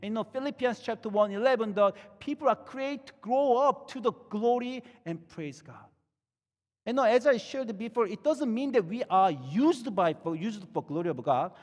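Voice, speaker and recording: A man's voice: high voice, animated, normal speed, big-room sound. A middle-aged man, a pastor, preaching conversationally and asking the listeners many questions. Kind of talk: sermon.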